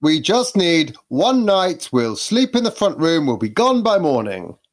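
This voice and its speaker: Lively high-voiced male player. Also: measured pace. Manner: jokey, animated. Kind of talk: casual tabletop game banter.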